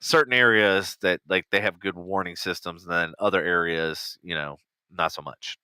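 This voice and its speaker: A man's voice: sits low, steady tone, moderate pace, sharp tone, smooth, no room sound. A man co-hosting a podcast, reading posts aloud in casual chat, swearing freely and laughing along. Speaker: podcast co-host.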